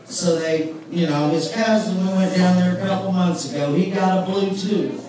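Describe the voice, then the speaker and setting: A woman's voice: fairly low pitch, normal speed. Chatty woman comic in echoey club. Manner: chatty, self-mocking storytelling. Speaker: stand-up comic. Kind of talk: stand-up comedy set. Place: comedy club stage. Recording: distant, very echoey club recording with crowd. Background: audience laughter.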